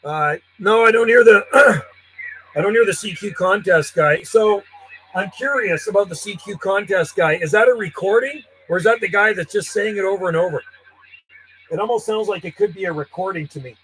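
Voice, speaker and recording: Casting: man, high voice, chatty and blunt radio operator calling on the band. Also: normal speed, a bit bright. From Canada. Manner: chatty, blunt, clears throat often. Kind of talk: casual radio chat and calling.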